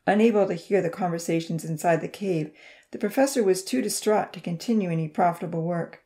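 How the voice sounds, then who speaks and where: A woman reading a children's novel aloud in a calm, even storytelling manner. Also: lowish voice, a little fast, vocal fry. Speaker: audiobook narrator. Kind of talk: scripted narration.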